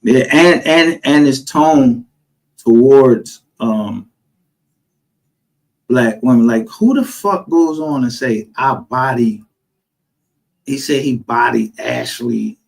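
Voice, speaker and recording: A man's voice: medium pitch, takes it slowly, creaky, pauses often, rough recording. A man with a Texas accent telling stories in casual chat, full of street slang and profanity, acting out what others said. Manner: animated storytelling, profane street slang, acts out quotes.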